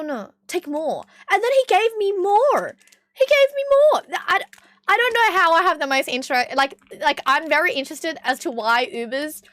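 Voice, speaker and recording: Young aussie woman streamer, high voice, dry close mic, animated storytelling with swearing. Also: dry recording. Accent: Australian. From Australia. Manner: animated, swears freely, acts out voices in stories. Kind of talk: casual stream chat, storytelling.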